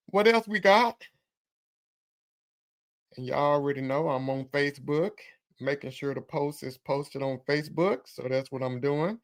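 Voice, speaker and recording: A man's voice: mid-range voice, moderate pace, vocal fry, pauses often, a bit bright, no echo. A man hosting a live-streamed podcast, chatting casually with viewers and greeting them by name as he reads their comments aloud. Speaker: podcast host.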